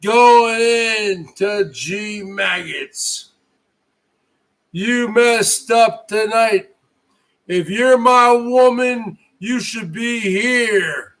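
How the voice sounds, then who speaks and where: Middle-aged guy hosting his stream, super slow talker, sharp bright voice, mocking and yelling a lot. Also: sits high. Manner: loud, mocking, often shouting. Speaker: livestream host. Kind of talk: ranting live-stream monologue.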